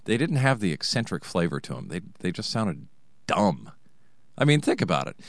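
American man, comic storytelling, very deep, lively, wry, dry close sound. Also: normal speed, no echo. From United States. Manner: wry, sarcastic, digressive. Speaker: narrator, host.

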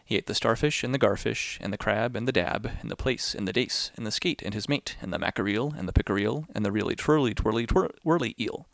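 A man's voice: on the low side, quick pace, creaky, hardly any pauses, a bit bright, dry recording, clean studio sound. A man reading a classic children's story aloud, playful and singsong, with asides to the listener. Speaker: narrator.

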